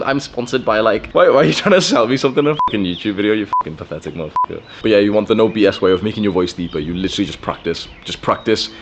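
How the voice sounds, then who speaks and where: A man's voice: on the low side, background noise. A young man giving blunt, profane, casual advice in a monologue, with lots of filler words. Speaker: self-improvement creator.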